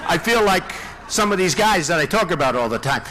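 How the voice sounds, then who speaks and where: A man's voice: sits high, expressive, a little fast, sharp tone, slight background noise. A man giving a campaign rally speech, boastful and rambling, with many asides to the audience. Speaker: political candidate.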